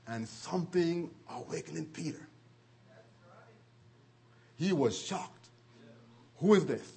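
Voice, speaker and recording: A husky-voiced man preaching a sermon with a slightly raised pitch. He retells scripture stories in an animated way, slowing down for weight and chuckling as he goes. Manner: animated storytelling with chuckles and dramatic slowdowns.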